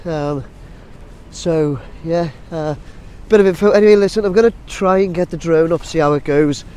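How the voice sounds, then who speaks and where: A man's voice: a little high, normal speed, mellow, clear, resonant tone. A man with a blocked nose from a cold, chatting casually and rambling with many ums and restarts, outdoors by a busy building site. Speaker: drone vlogger. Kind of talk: casual outdoor vlog chat. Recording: faint outdoor site noise. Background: faint site and traffic noise, wind.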